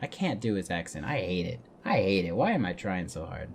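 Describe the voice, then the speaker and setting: A man commenting on a story game while he plays, reading its text aloud and reacting with excitement. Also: deep voice, fairly quick, creaky, breathy edge. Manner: excitable reactions, laughs at himself. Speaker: let's play gamer.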